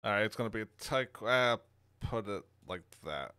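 Clear-voiced man running the game. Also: on the low side, animated, sharp tone, no echo, clean studio sound. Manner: halting, many fillers and restarts. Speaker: game master. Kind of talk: running a tabletop game over voice chat.

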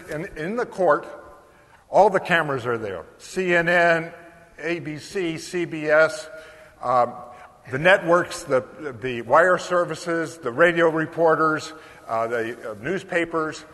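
An older man with a slightly high voice tells a story from the stage of a big conference hall. His words ring on in a long reverb as he carries the room through the tale, dotted with ums and uhs. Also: measured pace. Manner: lively anecdotal telling with frequent fillers. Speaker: keynote speaker. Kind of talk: storytelling keynote speech.

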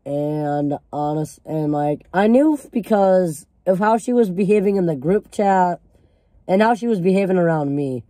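Teenage male storyteller, mellow voice, dead-dry recording, loose filler-heavy delivery. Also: high-pitched, lively intonation, normal speed, no room sound. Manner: rambling, filler-heavy, swears freely. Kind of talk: casual storytime vlog.

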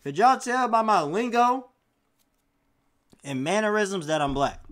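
A man streaming live and reacting to a video, talking loosely in slang and swearing as he quizzes his chat. His voice sits high and swings widely in pitch. It is casual chatter picked up on a streaming mic. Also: expressive, unhurried, a bit bright.

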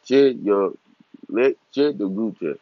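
Slow trash-talking young man, lo-fi. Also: lowish voice, lively intonation, dry recording. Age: 20s. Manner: trash-talking, laughing, swearing freely. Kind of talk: casual profane rant. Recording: dull lo-fi recording.

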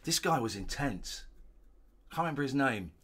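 A man's voice: medium pitch, animated, normal speed, background noise. Chuckling, rambling man doing commentary. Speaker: host watching an old episode. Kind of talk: casual watch-along commentary.

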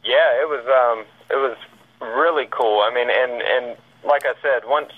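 Man, Southern accent, from Georgia, relaxed podcast guest, phone-line sound. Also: mid-range voice, measured pace. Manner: easygoing, repeats words and fillers like "man". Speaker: guest, paranormal investigator. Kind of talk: casual podcast chat.

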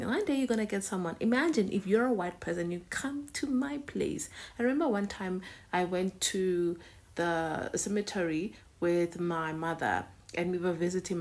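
A woman's voice: medium pitch, darkish tone. A woman hosting a reaction video in a casual, conversational way, often repeating words and phrases for emphasis.

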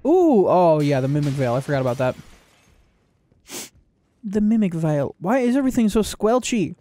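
A man giving casual gameplay commentary, joking, swearing and reacting loudly to the game. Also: fairly high pitch, sing-song, normal speed, dry recording, soft background music. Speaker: gaming video creator.

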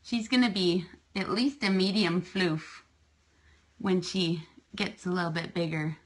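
A woman chatting casually on a home livestream while fostering kittens, cooing at them in soft baby talk. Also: fairly low pitch, steady tone, measured pace, low-quality recording.

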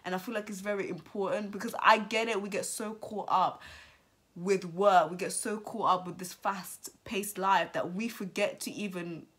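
A woman's voice: medium pitch, fairly even intonation, moderate pace, fairly bright tone, breathy edge. A woman in her twenties, a vlogger and entrepreneur, talking to the camera in a heartfelt, reflective way and repeating phrases for emphasis. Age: 20s. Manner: emotional, close to tears at times. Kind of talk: reflective birthday vlog talk. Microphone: camera mic, talking to camera.

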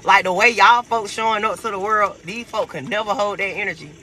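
A man with a high, sharply bright voice gives a loose tarot reading to his viewers. He talks in a brash, profane, animated way. A faint hiss sits under the recording. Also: brisk, low-quality recording. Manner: profane, animated, laughs a lot. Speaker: tarot reader.

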